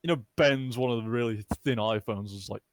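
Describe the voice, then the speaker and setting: A man's voice: fast, no echo, clean studio sound. A man co-hosting a casual podcast, joking and laughing often. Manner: jokey, laughs often, pitch leaps. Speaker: podcast co-host. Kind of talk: casual group chat.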